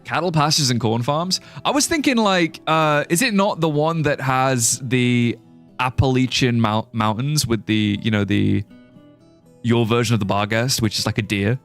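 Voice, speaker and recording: A man's voice: medium pitch, normal speed, soft background music. A man with a British accent, born in Singapore, chatting playfully and joking with viewers while playing a game on a livestream. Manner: playful, jokey, muses aloud, drops into mock accents. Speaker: streamer. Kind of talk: casual livestream chat while gaming.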